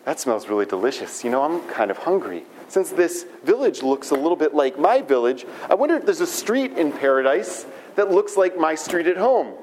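Rabbi doing a starry-eyed everyman, gushing, fairly high voice, light storytelling touch. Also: very animated, normal speed, few pauses, darkish tone, slight background noise. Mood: musing. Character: discontented grown man, dazzled and eager.

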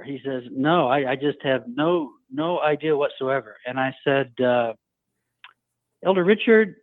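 Phoning into a show, a man with a voice on the high side shares a personal story and performs the quoted voices of its characters. The recording is dry and comes through a tinny phone line.

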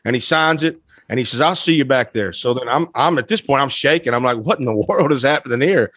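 Male guest storyteller, lively pitch swings, dry close sound, emotional and laughing. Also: quick pace, no room sound. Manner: animated, emotional, laughs often. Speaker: guest, musician. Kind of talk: storytelling anecdote.

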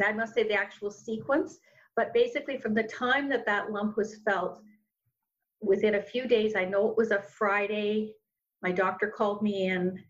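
A woman's voice: medium pitch, a bit bright. Middle-aged lady, earnest rambly guest talk, kinda muffled lo-fi audio. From Canada. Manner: earnest, rambling with many restarts. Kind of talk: podcast interview storytelling. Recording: dull lo-fi sound.

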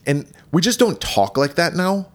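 A man's voice: fairly high pitch, very animated, moderate pace. A man in his thirties co-hosting a podcast in casual chat, loose, joking and profane. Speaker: podcast co-host.

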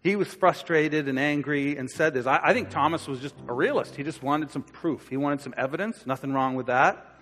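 Male pastor, slightly high voice, chatty sermon delivery with acted-out voices, long church reverb. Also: fairly quick, fairly bright tone. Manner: conversational, acts out quoted voices.

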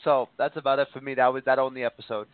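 A man's voice: mid-range voice, little pitch movement, very fast, clear, resonant tone, no room sound. A man on a podcast panel, giving wry, joking comments about a TV episode. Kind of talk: casual TV recap chat. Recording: dry, phone-like audio.

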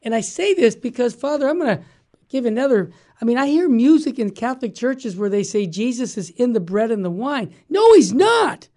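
A man's voice: extremely high pitch, fairly quick, mellow. A middle-aged man hosting a talk radio show, speaking with enthusiasm and emphatic bursts, laughing often. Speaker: radio host. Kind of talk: casual radio chat.

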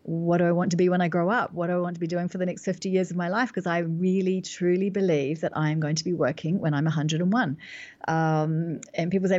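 Low-pitched kiwi woman telling her career story, lots of ums, dull dry sound. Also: steady tone, fairly quick, a little mellow, dry recording. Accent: New Zealand. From New Zealand. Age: 40s. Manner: reflective, self-assured, with frequent fillers and restarts. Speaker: guest, business consultant. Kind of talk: interview storytelling.

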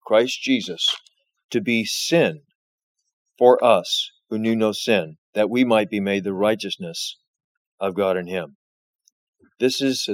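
A man preaching a sermon as pastor, reading scripture and explaining it with slow, emphatic rises. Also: fairly low pitch, no echo.

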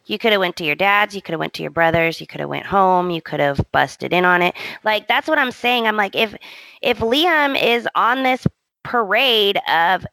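Young woman co-host, casual recap chat, mid pitch, bright tone, dry recording. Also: expressive, moderate pace, creaky, no room sound. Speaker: podcast co-host.

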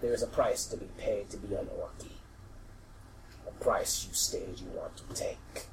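Man putting on a giant orc deity for a tabletop game: slow, breathy, low, looming. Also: steady tone, far from the mic, noisy background. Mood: ominous. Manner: slow, low, half-whispered pronouncements. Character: ominous ancient orc god, huge and menacing.

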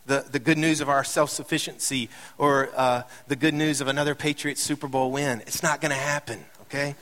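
Middle-aged pastor preaching in a hall. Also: male voice, fairly high pitch, a bit bright. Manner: conversational, builds to impassioned emphasis; light joking asides. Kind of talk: sermon. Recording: reverberant hall.

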